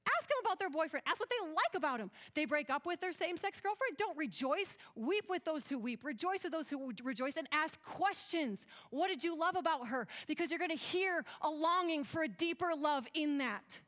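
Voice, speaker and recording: A woman's voice: high voice, animated, normal speed, few pauses, fairly bright tone. A woman with a West Michigan accent giving a conference talk, earnest and storytelling, acting out bits of dialogue as she goes. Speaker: conference speaker.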